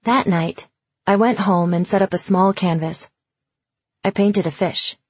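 A woman reading a first-person audiobook in a reflective, even storytelling manner. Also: lowish voice, a little slow, husky, no room sound, lo-fi sound. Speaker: audiobook narrator.

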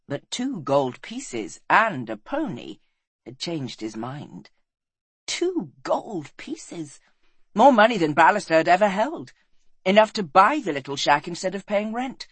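An audiobook narrator reading a fantasy story in a steady, measured storytelling voice. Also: mid-range voice, dry recording. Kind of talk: scripted narration.

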